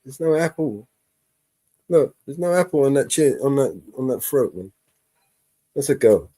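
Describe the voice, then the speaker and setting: Sarcastic man with a lively voice. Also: mid-range voice, moderate pace, no echo. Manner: sarcastic, laughing, swearing. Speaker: live stream host. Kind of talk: casual live stream commentary.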